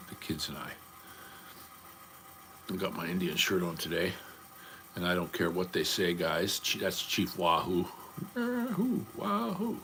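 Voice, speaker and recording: A man's voice: low voice, fairly bright tone, a little hiss or hum. An older man chatting casually on a livestream, rambling from topic to topic in a blunt, profane way. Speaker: livestream host.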